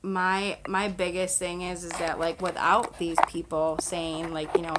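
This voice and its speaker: A woman's voice: fairly low pitch, little pitch movement, moderate pace, noisy background. A young woman chatting casually on her own live stream, rambling with lots of fillers and frequent laughter, recorded on a camera on a selfie stick at home. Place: home room with a fan on.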